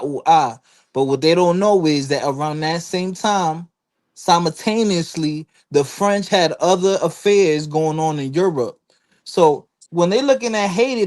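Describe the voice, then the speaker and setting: A man's voice: fairly high pitch, a little mellow. A man on a casual podcast panel, rambling through long explanations and slipping into quoted voices. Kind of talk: casual chat.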